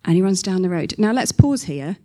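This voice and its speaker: A woman preaching a sermon, telling a story with lively acted-out quotes. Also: fairly low pitch, fairly quick. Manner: animated storytelling, acting out quoted voices.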